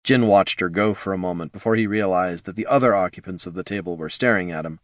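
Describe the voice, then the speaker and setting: A man narrating a fantasy audiobook in an expressive storytelling manner. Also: low-pitched, fast talker, no echo, studio quality.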